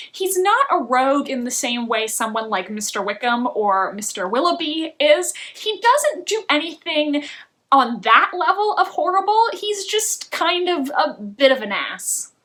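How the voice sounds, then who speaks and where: A young woman hosting a book channel, casually giving her opinionated, chatty reviews of film casts. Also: high-pitched. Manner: opinionated, animated and chatty, with laughs.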